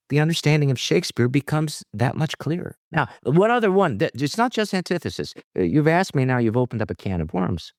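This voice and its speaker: This is a man with a lively voice that rises and falls widely as he lays out his points. He speaks with the emphatic, patient manner of an acting teacher. The sound is dry and close, with no room around it. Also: medium pitch, no room sound. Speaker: theater director and acting teacher. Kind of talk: interview, explaining acting technique.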